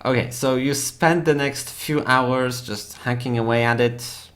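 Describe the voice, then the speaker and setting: A young man runs a tabletop game in a mid-pitched, everyday voice. He describes scenes and rulings loosely, circling back with fillers and restarts. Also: fairly even intonation, unhurried, fairly bright tone. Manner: rambling, full of fillers and restarts. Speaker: game master.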